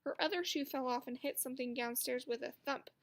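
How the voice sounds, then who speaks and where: A woman reading a children's book aloud with expressive storytelling. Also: sits high, a little fast. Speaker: narrator.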